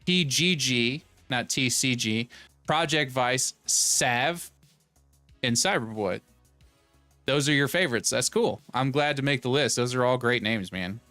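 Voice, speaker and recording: A man's voice: mid-range voice, measured pace, sharp tone, dry recording, faint music behind. A man in his thirties hosting a casual live stream, rambling and joking as he reads chat aloud and riffs on it. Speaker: streamer host.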